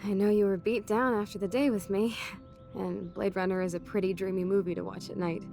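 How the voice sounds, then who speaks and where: A woman's voice: mid-range voice, steady tone, a little fast, vocal fry, warm tone, soft background music, lightly acted. An actress playing a rebellious young woman who talks casually, teasing and swearing, in a video game.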